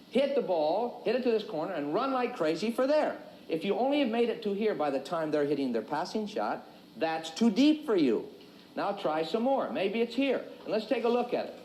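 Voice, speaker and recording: Lively, high-pitched folksy tennis coach. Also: male voice, reverberant, a little hiss or hum, rough recording. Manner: folksy, joking, energetic coaching. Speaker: tennis instructor. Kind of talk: instructional video lesson.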